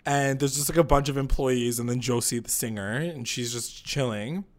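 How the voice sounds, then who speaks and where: A man's voice: mid-range voice, moderate pace. Man casually recapping a show. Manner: animated retelling, acting out characters' lines. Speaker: podcast co-host recapping a TV episode. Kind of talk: casual chat.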